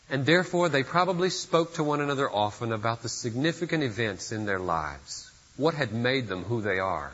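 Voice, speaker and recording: A man with a husky, slightly breathy voice preaches to his congregation. His pitch sits in an ordinary middle register, and he speaks earnestly, often turning to the listeners with direct questions. The sound is dull and lo-fi, as from an older church recording. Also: big pitch swings, normal speed, few pauses, fairly bright tone. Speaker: pastor. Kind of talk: sermon. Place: church service.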